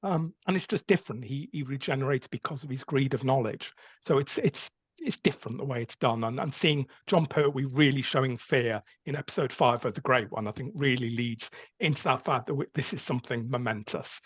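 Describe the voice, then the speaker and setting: An earnest man lays out his reasons one by one on a podcast. His voice is husky, and the recording sounds dull and dry, as from a home setup. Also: mid-range voice, brisk, no room sound. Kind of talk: casual chat.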